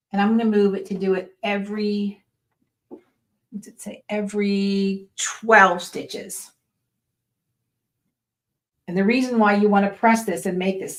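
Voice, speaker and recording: A woman sewing instructor talks through a tutorial at her sewing machine. Her voice sits at a middle pitch, and she chats casually as she goes. She often checks in with her viewers. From Western Pennsylvania. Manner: chatty, explains step by step with frequent "right?" and "okay?".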